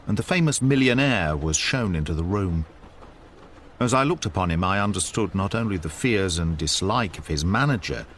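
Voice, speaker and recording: A man narrating an audiobook story in a measured, expressive reading. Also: on the low side, a little hiss or hum. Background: faint train cabin ambience.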